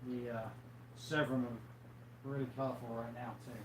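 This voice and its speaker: Man, livestream host, casual and chatty, tired, middle pitch, echoey room, faint hum behind. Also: a little fast. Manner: relaxed, chatty, reads out viewer comments. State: tired, yawning. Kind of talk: casual chat with viewers. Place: home room with fish tanks.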